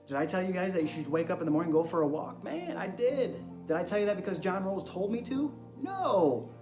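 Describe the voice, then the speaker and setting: A young man with a fairly high voice hosts an energetic wellness monologue, throwing excitable rhetorical questions at his viewers. His voice bounces around an echoey room. Music plays clearly behind him. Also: very fast. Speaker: host.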